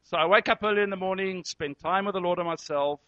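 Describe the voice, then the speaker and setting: A man with a high, bright voice tells a story to an audience, acting out lines and noises with animated energy. He speaks as a therapist. The recording is dry and slightly dull, with a lo-fi sound. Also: fast, no echo. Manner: animated, acts out dialogue and sound effects. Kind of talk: storytelling talk.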